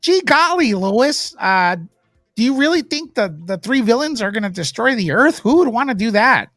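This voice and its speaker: A bumbling male reporter, goofy and wide-eyed, as a man puts him on. The voice jumps up high and eager, in a dry, close sound with no room around it. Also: expressive, normal speed, a bit bright, dry recording, faint music behind. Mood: goofy innocent.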